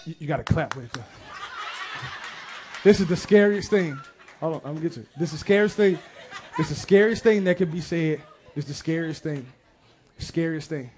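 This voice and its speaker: A male pastor, preaching a lively, joking sermon to his congregation with shouted bursts. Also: on the high side. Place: church sanctuary.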